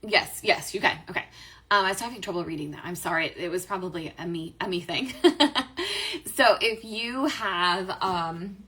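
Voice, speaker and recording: An upbeat woman chats through a live stream, answering viewer questions. Her voice is bright and a little low for a woman. She talks casually and corrects herself often. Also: normal speed. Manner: chatty and upbeat, many fillers and self-corrections. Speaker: host of a live stream on affiliate marketing.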